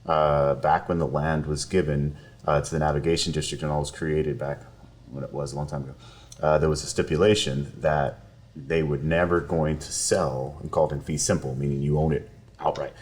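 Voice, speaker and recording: A man, a lawyer, telling a story in a casual podcast interview, animated and quick to laugh while acting out quotes. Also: extremely low pitch. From South Texas. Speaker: personal injury lawyer, podcast guest. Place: podcast studio.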